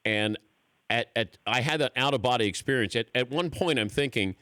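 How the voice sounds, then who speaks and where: A man's voice: mid-range voice, fairly quick, dry recording, clean studio sound. A man hosting a radio talk show, joking and telling self-deprecating stories. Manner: jokey, animated, self-deprecating storyteller. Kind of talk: casual radio interview.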